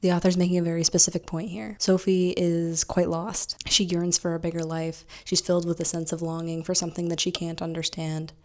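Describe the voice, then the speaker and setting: A woman's voice: fairly low pitch, flat delivery, a little fast, hardly any pauses. A woman casually retelling and commenting on a novel as a book reviewer, with asides.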